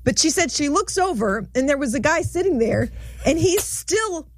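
A woman's voice: sits high, animated, moderate pace. Conversational woman co-hosting a faith talk show. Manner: conversational, retells anecdotes with a chuckle. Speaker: co-host.

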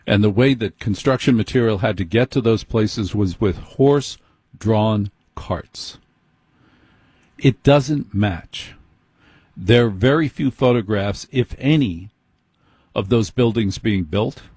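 A man hosting a show, speaking in a measured, emphatic monologue and listing things one by one. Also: on the low side, darkish tone, slightly rough, no room sound. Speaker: host. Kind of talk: slow deliberate monologue.

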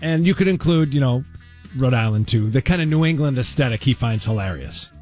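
A man's voice: medium pitch, fairly quick, faint music behind. A man from Massachusetts co-hosting a morning radio show, telling stories in casual, jokey banter. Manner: storytelling, animated, jokey.

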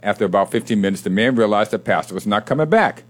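A man's voice: lowish voice, expressive, quick pace. A man co-hosting a casual sports talk show, who tells jokes and reads baseball history in a playful, storytelling way. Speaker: co-host.

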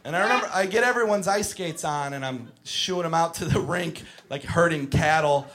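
A man doing stand-up comedy, telling stories with animated, shouted acted-out bits. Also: fairly high pitch, normal speed, background noise. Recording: live show with audience laughing. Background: crowd laughter.

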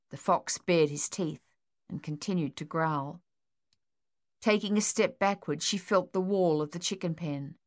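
Lower-voiced woman reading a story. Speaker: narrator. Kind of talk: audiobook narration.

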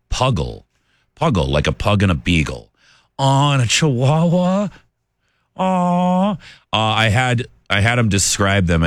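A man's voice: rumbling low, dry recording, clean studio sound. A man hosting a radio show, chatting and joking with a caller in a laid-back way. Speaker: radio host. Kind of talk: casual radio chat with a caller.

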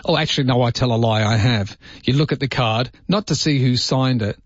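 A chatty male radio host, working through listener texts on a late-night talkback show. His voice is a little husky and dry, and the broadcast sound is slightly dull. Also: mid-range voice, brisk, no room sound. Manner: chatty, reads out listener texts and greets callers by name.

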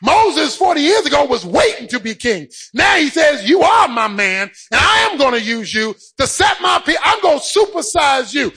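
A man preaching a sermon, swinging between shouted, sing-song peaks and quieter stretches. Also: extremely high pitch, sing-song, moderate pace, few pauses, faint music behind, poor audio.

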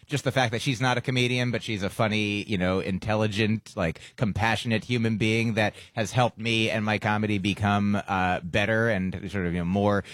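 A man's voice: on the low side, fairly even intonation, brisk, few pauses, fairly bright tone, no room sound. A playful man talking casually as a comedian guest, trading jokes and tangents with a dry, close studio sound. He restarts his sentences often and pokes fun at himself. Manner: self-deprecating, playful storyteller with many restarts. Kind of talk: casual radio interview chat.

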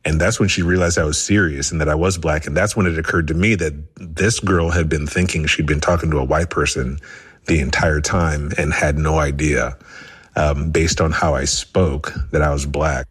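Very deep, husky-voiced man caller. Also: fairly even intonation, moderate pace. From United States. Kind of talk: recounting a personal story.

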